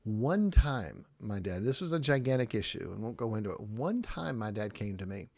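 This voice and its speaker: A man's voice: on the low side, sing-song, moderate pace, vocal fry, darkish tone, no room sound. A middle-aged man, a pastor, giving casual podcast teaching in a conversational, emphatic way, often checking in with "okay?".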